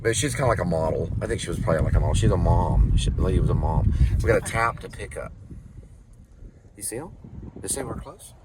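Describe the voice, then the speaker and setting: A man rambles and jokes from the seat of a moving car. His voice sits on the low side but swings widely in pitch. Steady road noise runs underneath. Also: quick pace. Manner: rambling, chatty, jokey. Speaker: vlogger, driving along with his wife. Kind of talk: casual chat in a car. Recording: noisy car recording.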